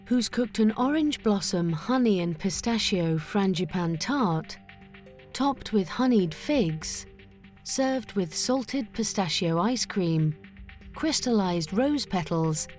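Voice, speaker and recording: Woman, scripted narration, very slow, faint music. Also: mid-range voice, expressive, a little mellow.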